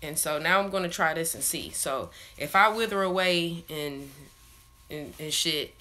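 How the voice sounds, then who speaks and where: A woman's voice: sits low, expressive, measured pace, sharp tone. Loose, profane woman vlogging. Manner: loose, profane, laughs often, rambling storytelling. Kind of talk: casual chat to camera.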